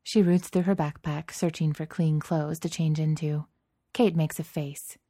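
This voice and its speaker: A woman reading a story aloud in a calm, even way. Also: sits low, a little slow, no room sound, clean studio sound. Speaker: reader. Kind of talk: fan fiction reading.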